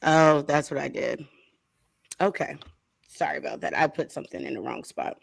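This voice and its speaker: A woman's voice: deep voice, expressive, normal speed, vocal fry, husky. A woman hosting a casual chat, laughing easily and correcting herself in a flustered way. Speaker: podcast host.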